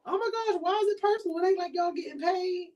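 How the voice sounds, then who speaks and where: A woman with a Baltimore accent hosting a podcast in casual chat, telling stories in a chatty, animated way with quoted asides. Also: extremely high pitch, fast, muffled recording. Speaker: podcast host.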